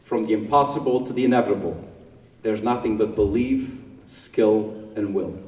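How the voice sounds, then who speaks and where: A man delivering a formal commencement speech in an emphatic, rhetorical, measured cadence. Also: lowish voice, darkish tone. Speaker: commencement speaker. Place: large auditorium. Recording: echoey hall, distant mic, crowd.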